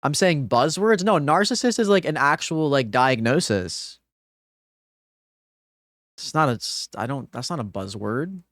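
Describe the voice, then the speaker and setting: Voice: medium pitch, animated, measured pace, pauses often, a bit bright, no echo, studio quality. A game streamer on a livestream, talking back to chat in an exasperated, profane rant.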